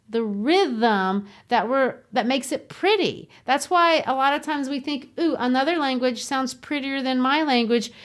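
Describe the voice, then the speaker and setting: A woman who teaches, co-hosting a podcast in a casual, explanatory way and tapping out rhythms as she explains. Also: high-pitched.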